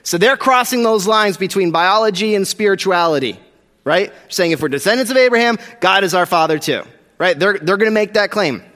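Man preaching a sermon, high voice, casual and emphatic, slangy asides, long hall reverb. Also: lively intonation, a little fast, pushed and bright. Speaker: pastor.

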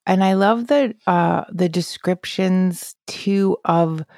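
A woman with a low, gravelly voice hosts a casual podcast interview. She is recorded dry and close, and she keeps affirming her guest before asking open questions. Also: takes it slowly, no echo. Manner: affirming, frequent soft agreement. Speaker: podcast host.

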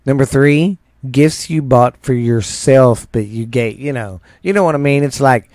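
A man's voice: mid-range voice, a little slow, few pauses, darkish tone, no room sound, studio quality. A middle-aged man hosting a show, rambling casually through a countdown with crude jokey asides. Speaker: show host. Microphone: studio microphone.

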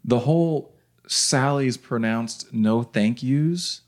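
This man speaks slowly in a medium-pitched voice. He's a co-host of a casual parenting podcast, chatty and quick to laugh, frequently starting his sentences over.

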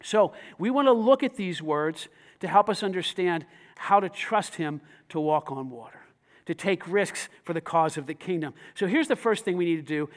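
High-voiced animated preacher man. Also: moderate pace. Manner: animated, swings from loud emphasis to quiet asides; conversational, asks the congregation questions. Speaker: pastor. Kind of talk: sermon.

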